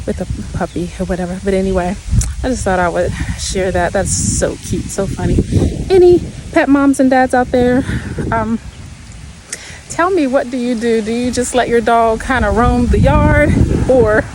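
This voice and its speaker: A woman's voice: a little high, lively intonation, moderate pace, background noise. A woman chatting casually as she walks outside, a little winded and laughing often. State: slightly winded. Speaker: vlogger. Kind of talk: casual walking vlog chat. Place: outdoors in a hilly neighborhood.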